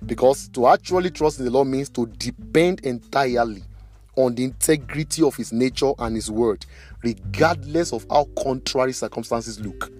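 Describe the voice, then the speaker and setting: A man preaching a sermon, emphatic, slowing down to stress key phrases. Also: medium pitch, darkish tone, soft background music.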